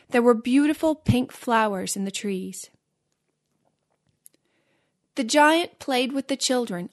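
Give me a woman reading a simple storybook slowly and clearly. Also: a little high. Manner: slow, clear, careful reading. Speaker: narrator.

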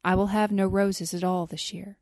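Solemn storybook rose tree, grave and measured, read by a woman in a warm, dry voice. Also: mid-range voice, level tone, no echo, close to an everyday voice.

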